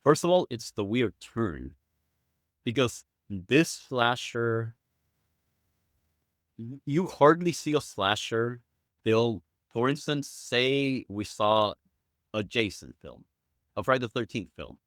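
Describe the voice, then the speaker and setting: A man's voice: medium pitch, animated, slow pace, pauses often, a bit bright, no room sound, clean studio sound. A man guesting on a podcast, chatting casually and acting out quotes with enthusiasm. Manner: enthusiastic storyteller, acts out quotes.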